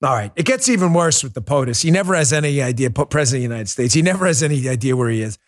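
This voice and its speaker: A man's voice: mid-range voice, lively intonation, rapid-fire. A middle-aged man from New York City hosting a political commentary show, ranting in an exasperated, mocking way. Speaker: podcast host.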